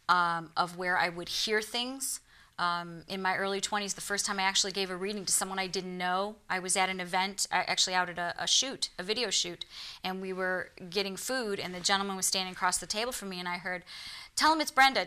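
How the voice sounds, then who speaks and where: Bright-voiced Michigan woman telling stories. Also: fairly low pitch, clear, resonant tone. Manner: earnest, animated storyteller acting out quotes. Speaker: guest, psychic medium. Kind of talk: storytelling in a TV interview.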